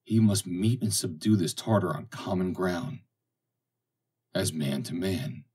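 A man narrating an audiobook in a steady, deliberate reading style. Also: low voice, breathy edge.

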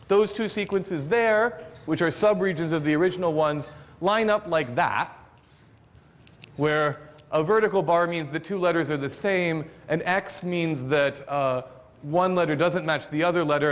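A man, a university professor, giving an explanatory lecture to an audience with a light joking touch. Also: fairly high pitch. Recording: long reverb of a lecture hall.

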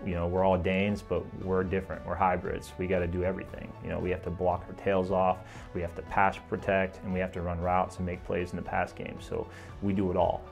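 A man's voice: low voice, monotone, brisk, gravelly, faint music behind. A man, a tight ends coach, talking plainly and proudly about his players in an interview.

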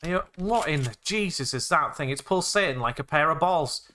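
A young man playing a zombie game, excitable and jokey, narrating his actions with "I said". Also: on the high side, moderate pace. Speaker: gaming YouTuber.

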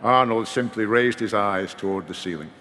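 A man delivering a formal memorial eulogy in a measured, gently wry manner at a podium microphone. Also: lowish voice, slight background noise. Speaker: eulogy speaker. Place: large hall at a memorial service. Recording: long reverb of a large hall.

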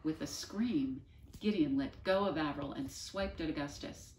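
A woman reading a children's book aloud in an expressive, unhurried way. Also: low voice, a little hiss or hum. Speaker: storyteller. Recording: roomy, distant mic.

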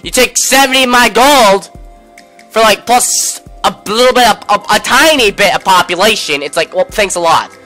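A teenage gamer from the United States, joking around and reacting loudly while he plays. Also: sits high, moderate pace, faint music behind. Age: teens. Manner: goofy, exclaiming, reacting loudly. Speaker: gaming video host. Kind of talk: gameplay commentary.

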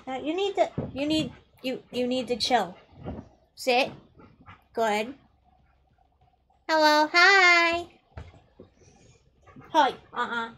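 A woman's voice: sits high, lively intonation, drawn-out words, pauses often, pushed and bright. A young adult woman chatting casually on a live game stream, playful and chatty, swearing freely and coaxing her pet between rounds. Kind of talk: casual live-stream chat while gaming.

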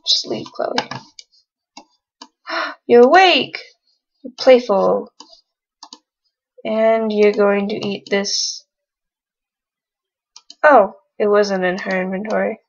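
A young woman playing a life-sim game for a let's play talks slowly in a medium-pitched voice, with frequent pauses. She comments casually and teases the game's characters. The recording is lo-fi.

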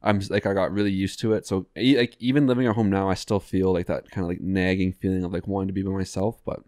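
A young man in his twenties chatting casually on a podcast, halting and rambling with lots of fillers and restarts. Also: sits low, level tone, dark tone, no echo, studio quality. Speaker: podcast co-host. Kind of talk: casual chat.

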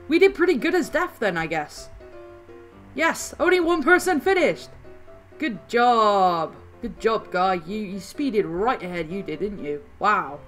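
A woman playing a video game and commenting as she goes, excitable, often crying out and repeating words when things go wrong, a little hoarse. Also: a little high. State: slightly hoarse. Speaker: gaming channel host. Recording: faint background music.

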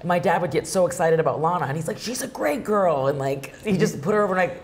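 A woman in her thirties being interviewed, telling personal stories in an emotional, animated way. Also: sits low, racing. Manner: emotional, animated storytelling with quoted voices. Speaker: guest. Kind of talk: conversational interview.

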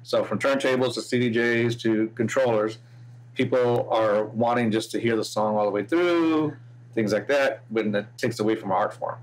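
A man's voice: lowish voice, moderate pace. A middle-aged man, a DJ being interviewed, talking in an easygoing, casual way with lots of "you know" fillers. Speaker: DJ guest.

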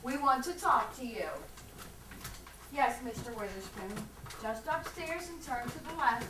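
A woman's voice: a little high, animated, unhurried, recorded from a distance. A woman on stage playing a sweet, fussy elderly spinster aunt, recorded from afar in an echoey hall with light noise. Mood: sweet, doting. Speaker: stage actor. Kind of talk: amateur stage play.

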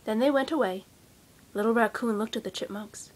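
A woman reading a children's picture book aloud, adding soft, chatty asides about the pictures. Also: a little high, brisk. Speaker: storybook reader.

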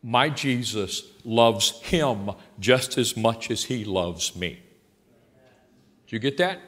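Older male pastor, emphatic folksy sermon, mid-pitched voice, reverberant sanctuary. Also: lively intonation, takes it slowly. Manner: emphatic, swinging from quiet asides to loud passionate outbursts; blunt and folksy. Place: large church sanctuary. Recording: long hall reverb in a church.

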